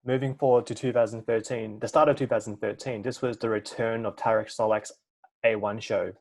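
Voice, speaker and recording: A man interviewing a fighter, asking relaxed, friendly questions. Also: lowish voice, brisk. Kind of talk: casual interview.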